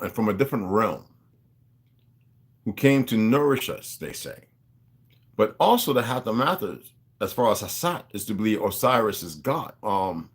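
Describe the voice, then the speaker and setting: A man's voice: on the low side, husky. A man talking to his viewers in a rambling, casual monologue, drifting between asides and restarting his sentences. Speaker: vlogger.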